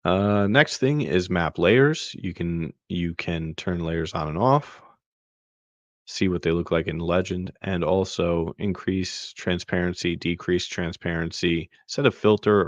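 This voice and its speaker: Deep-voiced and recorded with no room sound, a male podcast host gives a casual screen-share walkthrough of a web map, stumbling through many fillers and restarts.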